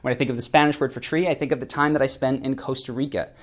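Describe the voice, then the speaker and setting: A man's voice: mid-range voice, steady tone, very fast. A man, probably in his thirties, teaching a recorded online lesson, speaking directly and encouragingly to the viewer. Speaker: charisma course instructor.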